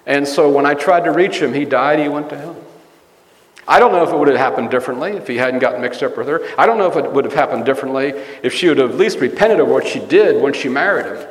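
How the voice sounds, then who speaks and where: A man's voice: mid-range voice, lively intonation, fast. A man giving a conversational sermon, telling rambling personal stories and correcting himself as he goes. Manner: storytelling, rambling, self-correcting. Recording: echoey hall with long reverb.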